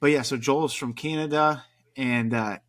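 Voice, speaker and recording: Speaking at normal speed in a mid-range voice, this podcast host keeps the chat easygoing, drifting from point to point and leaning heavily on fillers.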